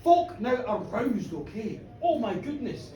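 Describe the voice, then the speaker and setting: A middle-aged woman spinning a comic tale for a live pub audience, high-pitched and wildly animated, with cheeky asides to the crowd. The room rings around her, heard from a distance with a faint murmur behind. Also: measured pace, roomy sound. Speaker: storyteller. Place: pub bar, live show.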